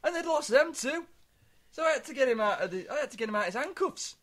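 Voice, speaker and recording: A man on a comedy podcast, rambling through deadpan anecdotes with stammered restarts. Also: extremely high pitch, fast talker. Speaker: podcast co-host. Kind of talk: comic storytelling chat.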